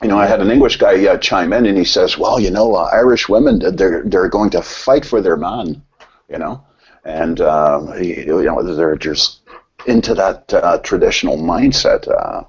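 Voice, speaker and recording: A man with a deep, husky voice chats in a loose, rambling way during a group call. His voice sounds slightly muffled and dull. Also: moderate pace. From Canada. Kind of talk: casual chat.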